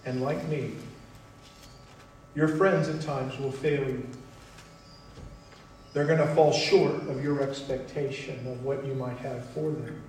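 Guy preaching a sermon real slow, kinda high voice, big echoey church hall. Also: slight background noise. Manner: unhurried preaching with long pauses and emphatic phrases. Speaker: pastor. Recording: echoey hall, mic at a distance.

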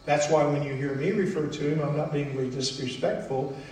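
A man preaching a sermon as pastor, unhurried and emphatic with long pauses. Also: fairly high pitch, steady tone, a little mellow. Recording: echoey hall, mic at a distance.

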